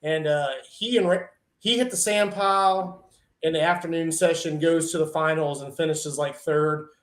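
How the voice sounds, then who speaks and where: A man telling a casual, animated story on a live show, laughing often and acting out his friends' lines. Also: a little high, moderate pace, reverberant. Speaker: truck and tractor pulling guest.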